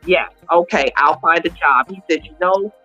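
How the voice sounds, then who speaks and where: A woman's voice: on the low side, normal speed, highs cut off, faint music behind. A woman in her late forties, an interview guest, telling her personal story candidly and acting out quoted dialogue. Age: 40s. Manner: animated, emphatic retelling with quoted dialogue.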